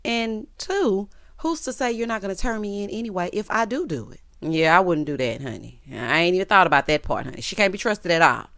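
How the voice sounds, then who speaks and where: A woman's voice: mid-range voice, expressive, a little fast, few pauses, a bit bright, no echo, studio quality. A woman reviewing a TV episode in a casual vlog, sassy and playful, laughing often and acting out the characters' lines. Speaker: TV recap reviewer.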